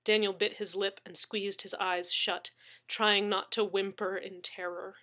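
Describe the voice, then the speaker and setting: Female story reader, slow dramatic narration, bright tone. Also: medium pitch, little pitch movement. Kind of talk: reading a sci-fi story aloud.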